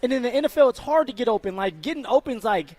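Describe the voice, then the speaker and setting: A male radio co-host and former football player, talking in an emphatic, animated way and repeating words as he builds his point. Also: very high voice, fast, no room sound. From United States. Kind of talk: sports talk radio chat. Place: radio studio. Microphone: studio microphone.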